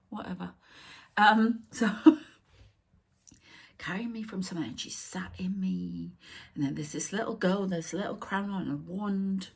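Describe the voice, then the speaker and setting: Woman medium, middle-aged, breathy and lowish, meanders, slips into whispers. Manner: meandering, drifts into hushed whispered asides. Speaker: psychic medium. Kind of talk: rambling spiritual channelling monologue.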